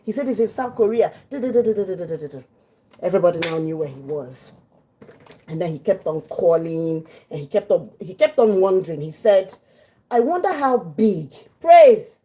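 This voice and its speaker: A woman with a Nigerian accent, chatting as a livestream host in her home kitchen, telling a story with lively acted-out quotes. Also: fairly low pitch, a little fast, husky, low-quality recording. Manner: lively, acts out quotes, mixes in pidgin.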